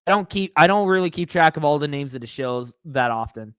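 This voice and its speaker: A man's voice: fairly high pitch, expressive, a little fast, a bit bright, smooth, no room sound, studio quality. Sarcastic man reading stream chat. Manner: sarcastic, mocking, reads chat aloud. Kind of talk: live-stream reaction commentary.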